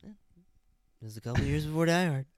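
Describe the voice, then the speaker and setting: A man's voice: on the high side, normal speed, no room sound. A man co-hosting a casual movie chat, dropping short, dry interjections. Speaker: podcast co-host.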